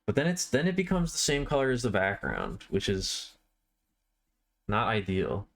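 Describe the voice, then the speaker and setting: A man's voice: lowish voice, huge pitch swings, normal speed, creaky. A man live-streaming, talking casually to his chat while he draws, often restarting and correcting himself. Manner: rambling, self-correcting, talks to viewers while drawing. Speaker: livestreamer.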